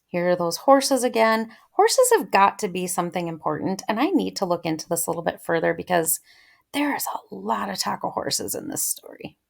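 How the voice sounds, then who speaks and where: A woman's voice: mid-range voice, big pitch swings, moderate pace, gravelly. A woman teaching literature in a casual close-reading lecture, chatting and thinking aloud with many ums.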